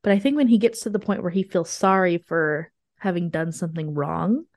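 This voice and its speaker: A woman's voice: lowish voice, a little fast, no room sound, studio quality. A woman guest on a podcast, chatting casually and telling stories with animation and frequent laughter. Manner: animated storytelling, laughs often. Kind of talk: casual chat.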